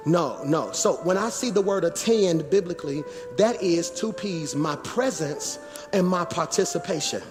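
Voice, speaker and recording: A man in his forties, a pastor preaching in a church sanctuary, animated, with shouted and sing-song phrases. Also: sits high, unhurried, over music. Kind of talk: sermon.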